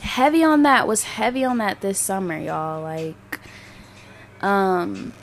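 A woman's voice: medium pitch, very animated, takes it slowly, a little hiss or hum. A young woman hosting her own podcast, talking candidly and rambling with lots of fillers and swearing. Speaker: podcast host. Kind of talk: casual solo podcast monologue.

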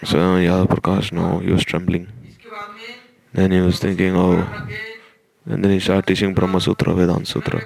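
A man telling a devotional story in a slow, halting way, with frequent restarts. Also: low-pitched, completely flat delivery, vocal fry, a little mellow.

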